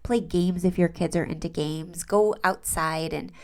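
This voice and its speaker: A woman's voice: lowish voice, steady tone, a little slow, gravelly. A woman in her forties hosting a podcast, chatting casually and enthusiastically about family life and reading a sponsor message. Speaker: podcast host.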